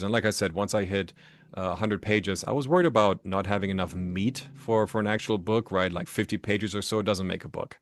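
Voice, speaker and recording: Low-voiced man telling stories, dry close sound. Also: dry recording. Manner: animated storyteller who acts out quotes with many restarts. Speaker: author guest. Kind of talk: casual storytelling interview. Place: Las Vegas.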